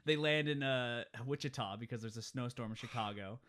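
Male co-host, relaxed movie recap, bright ringing tone. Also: medium pitch, brisk. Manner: laid-back, recounts scenes with quoted voices. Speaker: podcast co-host. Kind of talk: casual chat, movie recap.

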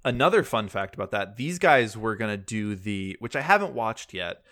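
A man's voice: lowish voice, sing-song, normal speed, a bit bright. A man co-hosting a casual film podcast, rambling and wry, swearing casually as he talks. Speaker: podcast co-host.

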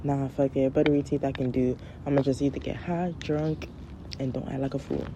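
A woman in her thirties talking casually and comedically, blunt and profane, often mimicking her children in high voices. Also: fairly even intonation, brisk. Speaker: podcast host. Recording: dull lo-fi sound with faint background noise.

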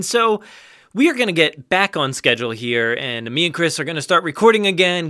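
Co-hosting a podcast, a man rambles and jokes in casual chat, using plenty of fillers. His high voice is bright and forceful, captured in a dry, clean studio recording.

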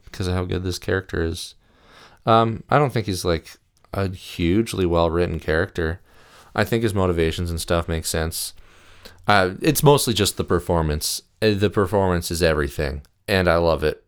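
A young man with a deep, low-pitched voice gives a loose, rambling monologue. His tone is smooth and clear, and his delivery is enthusiastic, with frequent "uh"s and restarts. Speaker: video host. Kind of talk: casual monologue reviewing films.

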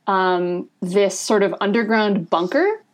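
A woman's voice: medium pitch, slow pace. A woman co-hosting a casual podcast, walking through a comic in a chatty, explanatory way with frequent fillers. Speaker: podcast co-host.

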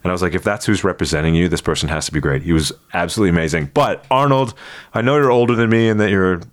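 Low-voiced guy telling a story, animated, keeps doing little voices, dry sound. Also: no room sound. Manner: animated, quick shifts into quoted voices. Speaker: comedian and impressionist guest. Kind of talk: casual storytelling.

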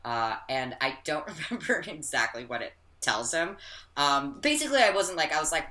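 A woman's voice: low-pitched, sing-song, normal speed, pushed and bright. A woman co-hosting a casual film discussion podcast, chatty and full of fillers, with the occasional swear word. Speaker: podcast co-host.

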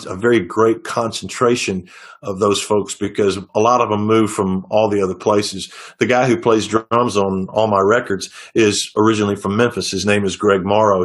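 Rambling man telling music stories. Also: lowish voice. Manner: rambling storyteller with frequent restarts. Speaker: singer-songwriter guest. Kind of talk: casual interview talk.

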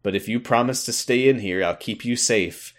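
Man putting on the Doctor, hushed and solemn. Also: medium pitch, normal speed, natural voice. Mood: solemn farewell. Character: weary aging male time traveler, tender. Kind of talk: podcast recap reading.

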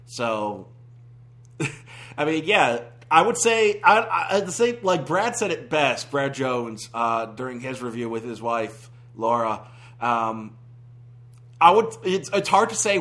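Bright-voiced sarcastic man reviewing a movie. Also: medium pitch, lively intonation, unhurried. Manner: rambling and sarcastic, with frequent restarts. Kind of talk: casual spoken movie review.

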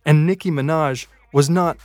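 A man's voice: on the high side, steady tone, normal speed, darkish tone, no echo. Man narrating with wry asides. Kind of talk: scripted documentary narration. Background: faint music bed.

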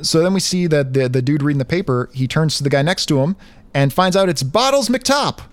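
A man recaps a comic book plot in a loose, rambling way, with lots of "uh" and restarts. His voice sits a little high, and the recording is close and dry. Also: animated, brisk, no room sound. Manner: rambling storytelling with many fillers and restarts. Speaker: podcast co-host recapping a comic. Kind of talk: casual chat.

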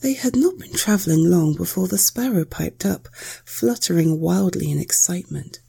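A woman narrating a bedtime story in a slow, soft whisper. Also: lowish voice, expressive, gravelly, slightly rough.

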